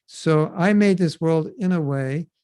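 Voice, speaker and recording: A man voicing a loving, patient male god in a slow, emphatic storytelling reading. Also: a little high, a little mellow, smooth, no echo, clean studio sound, close to an everyday voice. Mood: tender. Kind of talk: quoting scripture with a dramatic reading voice.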